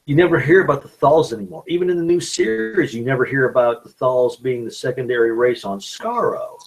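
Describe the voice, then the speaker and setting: A man co-hosting a podcast, speaking haltingly with many pauses and fillers as he corrects details. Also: medium pitch, expressive, poor audio. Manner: halting, fact-correcting fan talk with many "uh"s. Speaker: podcast co-host. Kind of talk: casual podcast chat.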